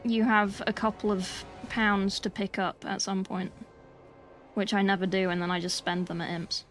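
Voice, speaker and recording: A British woman talks casually through a livestream while she paints, answering chat with sweary, deadpan jokes. Her voice sits at an ordinary middle pitch. Soft music plays faintly behind her. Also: moderate pace. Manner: chatty, sweary, deadpan joking asides.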